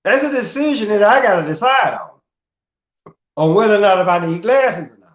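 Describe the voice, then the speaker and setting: A man's voice: sits high, big pitch swings, normal speed. A middle-aged man in a casual, profane rant as a livestream host, asking rhetorical questions with emphasis. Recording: roomy, dull lo-fi sound.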